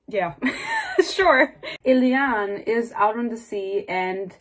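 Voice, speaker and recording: A woman's voice: medium pitch, husky. Sarcastic, swearing woman ranting about a book. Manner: sarcastic, swears a lot, acts out characters' lines. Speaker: book reviewer. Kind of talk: casual ranting book review.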